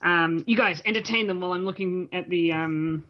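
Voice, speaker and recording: A woman's voice: lowish voice, moderate pace, lo-fi sound. A woman hosting a casual podcast over a voice call, chatty and stumbling over her words. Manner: chatty, restarts often. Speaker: podcast host. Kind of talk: casual group chat on a call. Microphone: home mic on a voice call.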